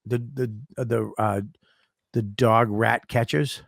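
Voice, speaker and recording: A man co-hosting a podcast in casual chat, talking in an animated, profane way and quick to be amazed. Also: medium pitch, vocal fry, dry recording, clean studio sound. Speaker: podcast co-host.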